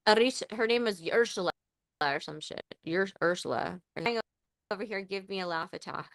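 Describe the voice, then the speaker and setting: A woman's voice: medium pitch, normal speed, gravelly, a bit bright, no echo. A woman hosting a live podcast in casual, rambling chat, swearing freely and joking around. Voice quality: profane, rambling, playful. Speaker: podcast host.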